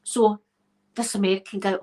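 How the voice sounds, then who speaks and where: A woman's voice: medium pitch, little pitch movement, moderate pace, a little mellow. A Scottish woman, an ASMR creator, chatting casually to her viewers as she tells a story, laughing often and checking in with "right?". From Scotland.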